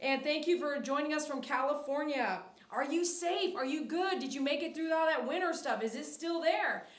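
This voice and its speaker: A woman who grooms dogs and hosts a livestream, chatting casually and reading viewer comments aloud, with bursts of excited cheering. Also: high voice, normal speed. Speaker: dog groomer and livestream host. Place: grooming shop. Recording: echoey room.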